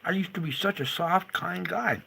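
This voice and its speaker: A man ranting furiously to camera, swearing and swinging between loud outbursts and low muttering. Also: moderate pace, gravelly, husky. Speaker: video creator. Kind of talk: angry monologue to camera.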